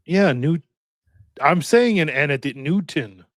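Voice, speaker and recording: A man's voice: fairly high pitch, animated, unhurried, fairly bright tone, no echo. A man co-hosting a casual podcast chat, talking hesitantly with many ums while he looks things up. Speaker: podcast co-host.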